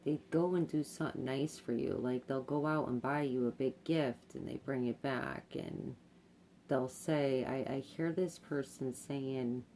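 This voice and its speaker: Very low-voiced, slow woman reading tarot. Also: steady tone, warm tone, slight background noise. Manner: hesitant, repeats words, many fillers. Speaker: tarot card reader. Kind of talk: intuitive tarot reading to camera.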